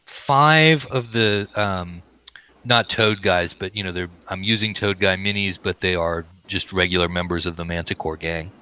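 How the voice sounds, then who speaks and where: A man running a tabletop game as game master, relaxed and halting, with many ums and restarts. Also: low voice, clear, resonant tone.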